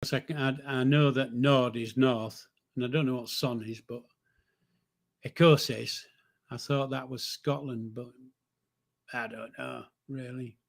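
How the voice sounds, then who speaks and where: His voice is medium-pitched, steady, and gravelly, a little slow in delivery. The older northern English man chats his way through a casual livestream, reading out messages and joking with a rambling, easygoing air, frequently filling pauses and self-correcting.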